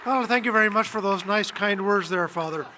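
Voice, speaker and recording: Jokey emcee with a Cork accent. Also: male voice, sits high, a little fast, sharp tone, roomy sound, a faint crowd, slight background noise, low-quality recording. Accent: Cork Irish. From Ireland. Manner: jokey, groans at his own puns. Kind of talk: comedy show introductions.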